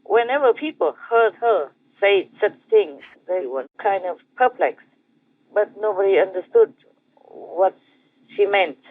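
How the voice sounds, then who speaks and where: A man with an Indonesian accent, a spiritual master telling a teaching story in a gentle, repetitive way with soft chuckles. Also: high voice, very animated, unhurried, dry recording. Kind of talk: storytelling dharma talk. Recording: tinny phone-like dry sound.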